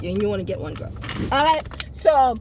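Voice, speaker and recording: A woman's voice: medium pitch, sing-song, normal speed, background noise. A woman in casual chat, reviewing a movie and talking straight to her viewers in an emphatic way.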